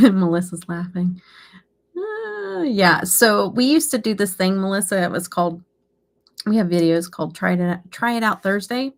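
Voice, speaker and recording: A woman's voice: mid-range voice, lively intonation, slow. A middle-aged woman hosting a beauty live stream, chatting casually and laughing often. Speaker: beauty channel host.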